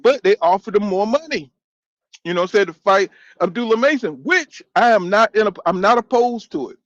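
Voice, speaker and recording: A boxing channel host in his fifties chats casually on a live stream, reading viewer comments and firing back at chat with loose profanity. His voice sits high, expressive and a bit bright, at a normal speed. The recording is dry and lo-fi.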